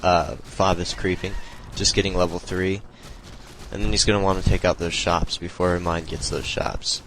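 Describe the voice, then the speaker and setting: A man's voice: low-pitched, level tone, normal speed, fairly bright tone, slight background noise, poor audio. A young man casually talking through a strategy game replay, explaining moves in a loose, rambling way with many fillers. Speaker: replay commentator.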